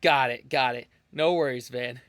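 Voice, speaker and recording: A man's voice: medium pitch, normal speed, a bit bright, no room sound. An American man hosting a reaction channel, talking casually and easygoing. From United States. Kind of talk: casual chat.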